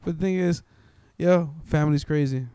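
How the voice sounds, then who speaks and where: A man's voice: a little high, normal speed, dark tone, clean tone. A young man, telling a slangy story and acting out the quotes. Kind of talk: casual storytelling.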